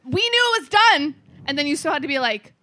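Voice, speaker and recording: High, bright woman complaining bluntly. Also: very animated, a little fast, no echo. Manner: exasperated, blunt, rising into emphatic complaints. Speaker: podcast co-host. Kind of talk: casual movie review chat.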